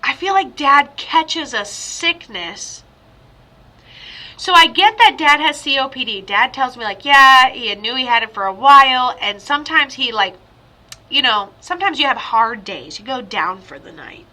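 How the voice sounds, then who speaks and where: A woman psychic medium giving a chatty, rambling spirit reading over a video call, with sudden excited outbursts. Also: sits high, a little slow.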